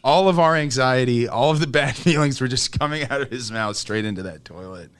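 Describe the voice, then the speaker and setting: A man's voice: mid-range voice, fairly quick, fairly bright tone, smooth, no room sound. A man, a comedian and podcast guest, telling stories in casual chat and often laughing mid-sentence.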